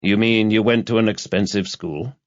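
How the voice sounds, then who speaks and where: A weary middle-aged detective, read by a male narrator, low-voiced and dry, needling with quiet mockery. The audio is dull and lo-fi and sounds close and dry. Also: fairly even intonation, moderate pace, no room sound, lightly acted. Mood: dry, mocking. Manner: dry, mocking, low-key.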